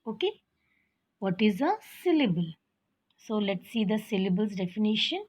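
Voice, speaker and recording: A woman teacher giving a slow, patient grammar lesson to children, often calling them "children" and checking that they understand. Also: mid-range voice, big pitch swings, a little mellow, slightly rough. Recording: dull lo-fi recording.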